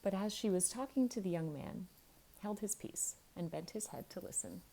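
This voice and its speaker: A woman reading a classic novel aloud as a calm bedtime story. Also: mid-range voice, moderate pace, vocal fry, a little hiss or hum, poor audio. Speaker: audiobook reader.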